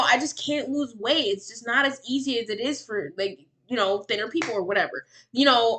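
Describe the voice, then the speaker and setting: A woman delivers exasperated reaction commentary on a livestream. Her voice is bright and pushy, sitting a little high. She rants in long runs with frequent repetition. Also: expressive, normal speed, few pauses. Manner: heated, ranting, exasperated. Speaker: commentary streamer reacting to a clip.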